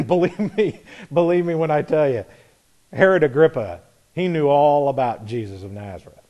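एक आदमी का प्रवचन, बाइबिल पढ़ते और समझाते हुए, थोड़ी ऊँची, नरम आवाज़।. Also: male voice, a little high, animated, moderate pace, warm tone, highs cut off. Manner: conversational, reads scripture then comments. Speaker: preacher. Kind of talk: expository sermon.

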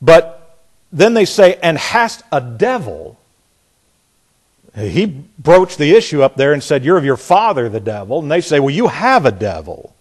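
Fairly high-voiced male preacher. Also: big pitch swings, measured pace, breathy edge. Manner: reads scripture aloud, then comments with sudden bursts and drops in volume; laughs at times while preaching. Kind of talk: sermon.

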